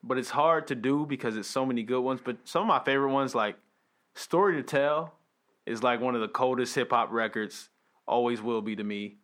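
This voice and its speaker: A man's voice: medium pitch, fairly quick, a bit bright. Laid-back man hosting a chat. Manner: laid-back, many fillers like "like" and "um". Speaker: podcast host. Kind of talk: casual chat.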